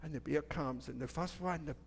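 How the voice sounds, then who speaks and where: Scottish minister with a high voice. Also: male voice, brisk, vocal fry, slight background noise. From Scotland. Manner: chatty, playful, asks the children questions. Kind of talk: children's story time. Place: church sanctuary.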